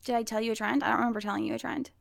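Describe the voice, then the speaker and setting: A woman's voice: on the high side, steady tone, racing, vocal fry, no echo, studio quality. A woman co-hosting a podcast in casual chat, upbeat and full of trendy slang. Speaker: podcast co-host.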